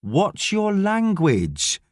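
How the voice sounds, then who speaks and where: A grumpy, sarcastic middle-aged astronaut, as a man reading an audiobook puts him on, voice lifting sharply as he snaps back. Recorded dry and close, with a lively, swinging pitch. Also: very slow, no echo, exaggerated voice. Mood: exasperated. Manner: sarcastic, exasperated.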